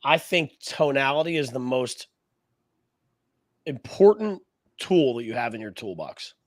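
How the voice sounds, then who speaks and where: A man's voice: medium pitch, unhurried, no room sound, clean studio sound. A man co-hosting a real estate podcast who chats casually and animatedly, acting out quotes. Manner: animated, acts out quotes in different voices. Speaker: podcast co-host.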